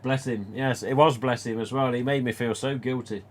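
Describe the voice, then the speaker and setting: A man chats on his own live stream, mid-pitched and easygoing. He rambles through stories and answers comments, with a bit of mild swearing thrown in. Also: fairly even intonation, normal speed, hardly any pauses, a little hiss or hum. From England. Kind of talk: casual live stream chat.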